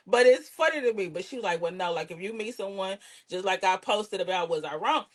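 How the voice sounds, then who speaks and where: A woman comedian with a medium-pitched voice speaks a little fast with few pauses, telling candid stories as a guest in a casual interview. She's lively, swears, and acts out her relatives' voices.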